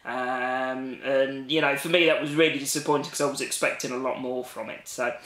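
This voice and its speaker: A man's voice: mid-range voice, steady tone, a little fast, pushed and bright. Chatty Midlands man in an echoey room. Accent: English Midlands. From English Midlands. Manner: rambling, many ums and restarts. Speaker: YouTube gaming vlogger. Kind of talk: casual chat to camera.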